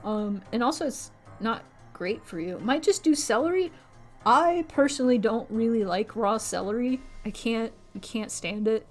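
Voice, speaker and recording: A young woman streams and chats expressively at a moderate pace, her thoughts wandering freely. She puts on a squeaky high voice to quote others, with faint music behind her.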